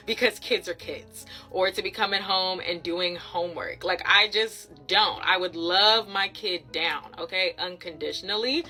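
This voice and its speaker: A woman's voice: mid-range voice, sharp tone. A woman talking candidly to camera, casual and reflective.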